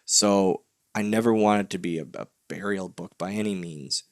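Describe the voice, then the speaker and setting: This interview guest, a wrestler and author in his late thirties, speaks in a deep voice at a moderate pace. The recording is dry and clean, studio-made, as he animatedly recounts a candid, heartfelt story with laughter and acted-out quotes.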